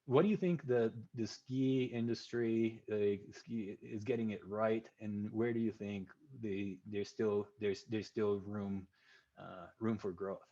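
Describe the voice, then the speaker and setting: A man's voice: lowish voice, fairly even intonation, measured pace, mellow, lo-fi sound. A man leading an advocacy group, explaining his points earnestly in a panel discussion.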